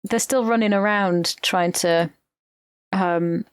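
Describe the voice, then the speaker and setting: A woman's voice: mid-range voice, slow, clean tone, no room sound. A woman, co-hosting a podcast and retelling a film plot in casual chat, swearing freely. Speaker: podcast co-host.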